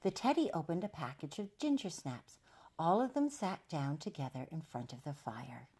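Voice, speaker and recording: A woman storyteller reading a children's picture book aloud in an expressive, sing-song way. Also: sits low, normal speed, breathy edge.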